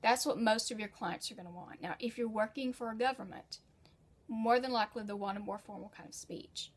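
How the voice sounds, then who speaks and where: A woman's voice: on the high side, a little fast. Chatty American woman explaining translation terms. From United States. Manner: chatty and self-deprecating, speaks in asides. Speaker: freelance writer teaching about translation. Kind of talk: casual instructional monologue.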